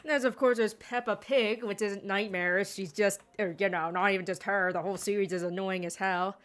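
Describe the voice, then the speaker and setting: A woman's voice: medium pitch, steady tone, fairly quick. A woman giving casual gameplay commentary, rambling with sarcastic asides. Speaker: gaming streamer.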